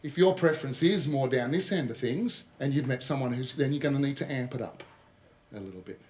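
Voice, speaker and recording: A man with an Australian accent giving a lively workshop presentation to a live audience, joking and throwing in asides. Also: mid-range voice, fairly quick. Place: large room with live audience. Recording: roomy echo of a hall.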